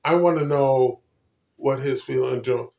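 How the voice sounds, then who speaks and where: A man's voice: medium pitch, unhurried, vocal fry, darkish tone. A man hosting a casual political chat, blunt and prodding, repeating his points. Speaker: podcast host. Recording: echoey room.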